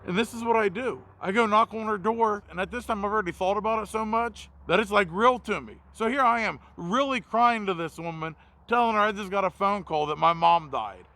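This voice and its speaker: A man tells a confessional story in a blunt, self-mocking way and swears freely. His voice is high and bright with a rough, gravelly grain. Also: fairly quick, few pauses. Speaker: mobile mechanic and video host.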